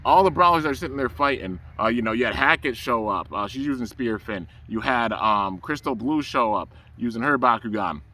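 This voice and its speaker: A man excitedly reviewing a cartoon episode outdoors under the trees, rambling and enthusiastic and often saying "man". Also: mid-range voice, fairly quick, few pauses. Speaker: anime reviewer.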